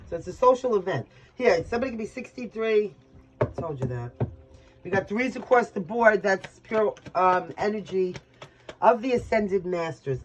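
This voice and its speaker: New york guy doing a tarot reading, kinda high voice, rambly and emotional, cusses a lot. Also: a little hiss or hum, low-quality recording. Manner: emotional, rambling, swears casually. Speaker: tarot reader. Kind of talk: casual tarot reading monologue.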